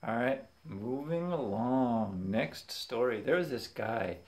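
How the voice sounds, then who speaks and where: A young man casually telling funny stories from his childhood, animated and quick to laugh. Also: medium pitch. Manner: animated, acts out voices in quotes, laughs often. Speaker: vlogger. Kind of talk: casual storytelling.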